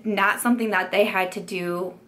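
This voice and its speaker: Young beauty youtuber girl chatting thru a story time, bright voice, lots of likes and you knows. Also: mid-range voice, steady tone, normal speed. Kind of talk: casual story time vlog.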